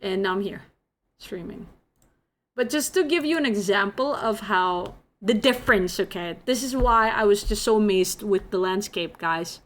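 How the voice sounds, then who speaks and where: A woman's voice: medium pitch, normal speed. A young woman, chatting casually to her stream viewers and rambling through a story. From Indonesia.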